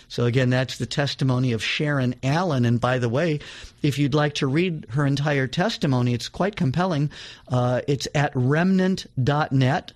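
A man hosting a religious talk show, reading a testimony aloud with dramatic emphasis, then talking casually with some fillers. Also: medium pitch. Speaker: radio show host.

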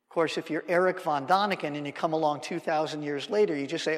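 A male preacher works verse by verse through a Bible passage, acting out each exchange and breaking off for wry asides. His voice sits on the higher side for a man. Long reverb from a big hall trails after his words. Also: fast. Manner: animated, acts out dialogue with humorous asides. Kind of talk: expository Bible teaching.

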